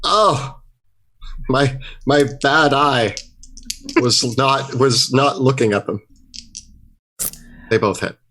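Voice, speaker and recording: A man's voice: mid-range voice, slow pace, long pauses, sharp tone, a little hiss or hum. A man playing a character in a tabletop game, describing his moves and thinking aloud. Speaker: player.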